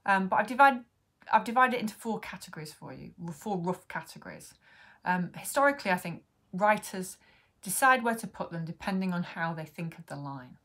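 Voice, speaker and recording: A woman teaches beginners about poetry in a friendly, explanatory way, pausing on frequent ums. Her voice sits a little low for a woman. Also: lively intonation, fairly bright tone. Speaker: poet and workshop host. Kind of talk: online poetry lesson to camera.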